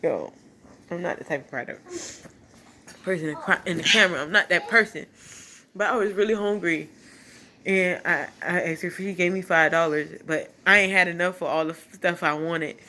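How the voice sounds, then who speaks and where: At home at night, a tearful woman vlogger gives an emotional, casual testimony into her phone, talking through tears while laughing and preaching at once. Her fairly low voice is bright and forceful at normal speed, with a little hiss or hum.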